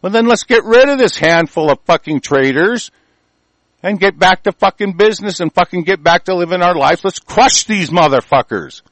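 A man's voice: sits high, animated, moderate pace, fairly bright tone, no echo. Angry cussing guy ranting on air, keeps restarting, dry close mic. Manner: angry, profane, rambling with restarts. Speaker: host reading and ranting on air. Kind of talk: profane ranting commentary.

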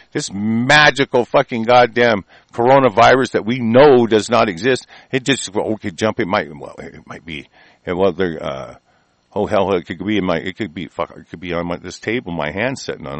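Sex: man. Profane angry ranter with a low voice. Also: moderate pace, no echo. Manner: angry, swears constantly, mocking laughs. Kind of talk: profane conspiracy rant.

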